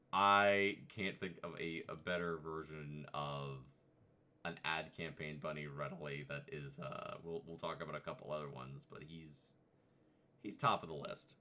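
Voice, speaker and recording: A man's voice: deep voice, sharp tone. A man hosting a casual tier-list video, rambling and chatty with playful asides. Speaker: vtuber host.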